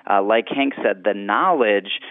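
A man's voice: lowish voice, unhurried, no echo. Earnest man on a tinny phone line. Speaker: author and guest. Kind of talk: radio interview talk.

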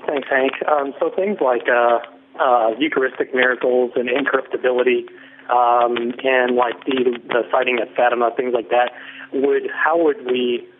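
A man's voice: mid-range voice, level tone, normal speed. A man calling into a radio show, asking questions hesitantly with many fillers. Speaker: caller. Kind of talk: phone-in question. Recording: tinny phone line with faint noise.

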